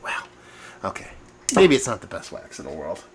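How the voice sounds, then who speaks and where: A man's voice: deep voice, moderate pace, noisy background. A man hosting his own beer review vlog at home, chatty and rambling, poking fun at himself. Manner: chatty, rambling, self-mocking, animated. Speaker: beer reviewer, show host. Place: at home, indoors.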